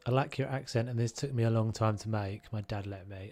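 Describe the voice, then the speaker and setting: Guy streaming a game, kinda low voice, chatty, thinks out loud. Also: brisk, few pauses. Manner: chatty, musing aloud, hums tunes. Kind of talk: casual live-stream chat.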